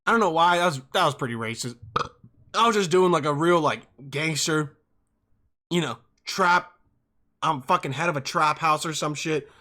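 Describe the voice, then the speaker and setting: A man's voice: a little high, normal speed, bright, forceful tone. A young man in his twenties hosting a solo podcast, rambling and profane, jumping between topics. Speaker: podcast host.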